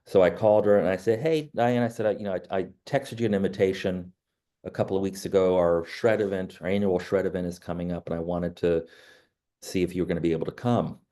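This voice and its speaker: Middle-aged male realtor, deep and warm, talky coaching delivery. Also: little pitch movement, fast. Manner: conversational, many "you know" fillers. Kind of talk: training talk with personal stories.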